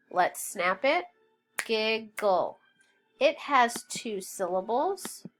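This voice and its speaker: A woman's voice: mid-range voice, slight background noise. A woman teaching a phonics lesson, spelling out letters and sounding out words in a patient, encouraging way. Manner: slow, deliberate, spells out sounds.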